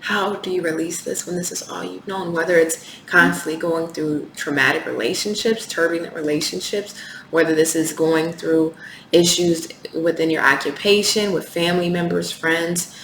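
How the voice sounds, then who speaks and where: Lady tarot reader, low gravelly voice, kinda raw and intense, echoey room. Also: a bit bright. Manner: impassioned, repetitive rhetorical questions, swears. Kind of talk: spiritual tarot reading to camera. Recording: echoey room with faint background noise.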